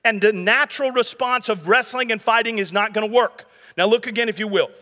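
Preaching a sermon fairly quickly, this pastor in his thirties keeps it relaxed and conversational, adding humor and asides for the congregation. His voice is high, bright and forward, followed by a long hall reverb.

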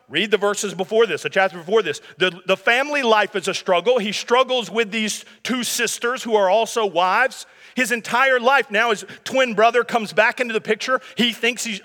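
High, bright-voiced man preaching in a hall. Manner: conversational preaching with humor and asides. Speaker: pastor. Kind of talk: sermon.

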